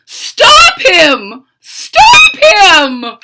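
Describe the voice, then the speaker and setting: A woman voicing a grandiose male mad scientist, with shouted, drawn-out exclamations. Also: very high voice, sing-song, creaky, very noisy, pitched above the performer's own voice, heavily acted. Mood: frantic shouting.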